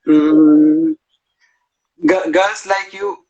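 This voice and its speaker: A man's voice: high-pitched, drawn-out words, a little mellow, lo-fi sound. A man hosting a live-stream interview on a video call, chatting informally with fillers. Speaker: interview host. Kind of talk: casual live-stream chat.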